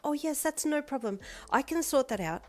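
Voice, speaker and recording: A woman's voice: brisk, lightly acted. Woman voicing a sweet gushing schoolgirl. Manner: high, gushing and polite. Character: sweet, gushing, polite teenage girl.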